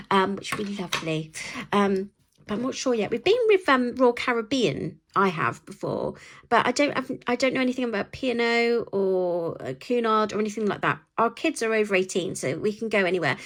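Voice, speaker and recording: A middle-aged woman with a British accent talks casually to camera for her budgeting vlog. Her voice sits high and swoops up and down. She rambles in a friendly, excitable way. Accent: British English. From United Kingdom. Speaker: budgeting vlogger.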